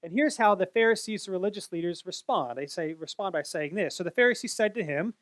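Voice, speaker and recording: A man's voice: high-pitched, quick pace, fairly bright tone, no echo. A man explaining a Bible passage in an earnest way, often correcting himself mid-sentence. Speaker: Bible teacher.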